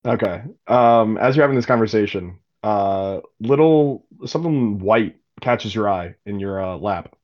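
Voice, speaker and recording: Low-voiced male game master. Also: unhurried, few pauses. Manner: casual, laughing often, swearing. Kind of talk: narrating a tabletop game. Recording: dull lo-fi audio.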